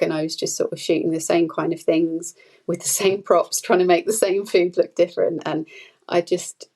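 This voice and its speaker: A woman's voice: fairly low pitch, darkish tone, rough recording. A woman talking casually as a podcast guest, chatty and rambling with many fillers and light laughter. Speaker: podcast guest, food photographer. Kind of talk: casual conversational interview.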